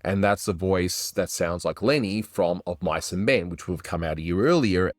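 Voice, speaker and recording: A man hosts a casual review of classic cartoons, chatty and enthusiastic. His voice is low. The recording is dry and close. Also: moderate pace, no echo. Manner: enthusiastic, chatty, does little voice impressions. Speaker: animation reviewer host.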